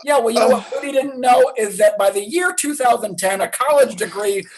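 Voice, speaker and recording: A brash, mocking comedy host, played by a man, roasts his guests in a high voice. The background is noisy. He sneers and jabs at everyone in a brassy, showy tone. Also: brisk. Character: brash insulting character host Tad. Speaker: comedy show character.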